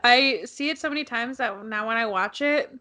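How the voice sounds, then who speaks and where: Giggly young woman, a bit high. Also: moderate pace, pushed and bright. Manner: teasing and laughing often. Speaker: co-host. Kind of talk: casual podcast chat.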